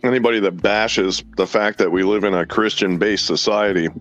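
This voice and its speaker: A man in a casual chat who speaks haltingly, with many fillers. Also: lowish voice, fairly even intonation, a bit bright, soft background music. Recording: dull lo-fi audio.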